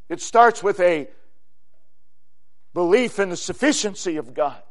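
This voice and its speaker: A man preaching a sermon, emphatic, swinging between loud exclamations and quiet low phrases. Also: animated, normal speed, long pauses.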